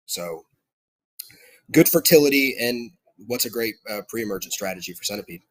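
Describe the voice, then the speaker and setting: A man's voice: on the low side, moderate pace, no room sound. A man with a South Georgia accent, a podcast guest talking eagerly in casual chat. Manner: eager, many fillers and restarts.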